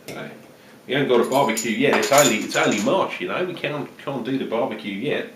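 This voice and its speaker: A man's voice: medium pitch, fairly quick, background noise. A man talking in a put-on Australian accent, chatting casually and jokily through a beer review with plenty of fillers. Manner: chatty, jokey, rambling with fillers. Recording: roomy, distant home-video sound.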